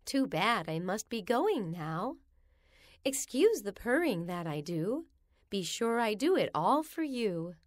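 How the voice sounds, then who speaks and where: A woman reading children's rhymes aloud in a slow, sing-song storybook manner. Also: mid-range voice, very animated, no room sound, studio quality.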